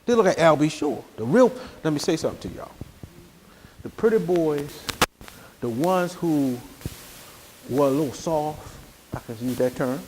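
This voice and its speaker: A man's voice: a little high, lively intonation, unhurried, pauses often, noisy background. A man pastor preaching a sermon in a conversational style that rises into emphatic bursts.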